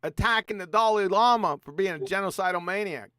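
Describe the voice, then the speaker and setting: A man hosting a casual online panel chat, easygoing and quick to laugh. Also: high-pitched, pushed and bright, clear, resonant tone, no room sound, clean studio sound. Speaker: host of a live online panel.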